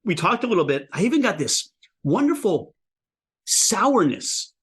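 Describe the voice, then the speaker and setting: A man's voice: high-pitched, measured pace. A man hosting a podcast, chatting enthusiastically and in detail about a drink he is tasting. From Pennsylvania, USA. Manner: enthusiastic, animated tasting talk. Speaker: podcast host. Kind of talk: casual interview chat.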